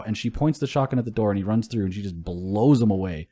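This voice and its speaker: A young man co-hosting a casual gaming podcast, talking in a relaxed, rambling way with frequent swearing. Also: mid-range voice, quick pace, hardly any pauses. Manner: relaxed and rambling, swears often, laughs along. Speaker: podcast co-host.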